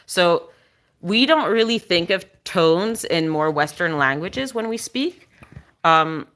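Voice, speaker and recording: A woman's voice: fairly low pitch, animated, slow, fairly bright tone. A woman with a French Canadian accent hosting a casual livestream with her dog, chatting in long rambling explanations. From Quebec, Canada.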